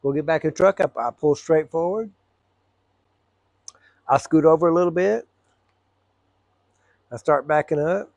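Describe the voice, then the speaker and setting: A truck driver with a high, gravelly voice tells a story casually to the camera. He is animated and swears freely, acting out both sides of an argument. The sound is dry and close. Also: a little slow, pauses often, no echo.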